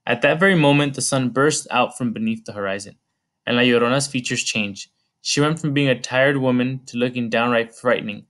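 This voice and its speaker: A man narrating an audiobook chapter in a measured storytelling manner. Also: medium pitch, fairly bright tone. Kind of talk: scripted narration.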